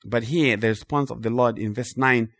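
A man preaching a sermon with emphasis, repeating key phrases and slowing on important words. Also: mid-range voice, fairly even intonation, a bit bright, no room sound, studio quality.

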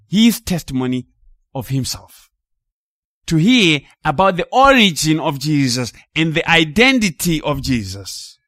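A man preaching a sermon in an animated, emphatic way, rising to loud peaks and dropping low. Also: dry recording, studio quality.

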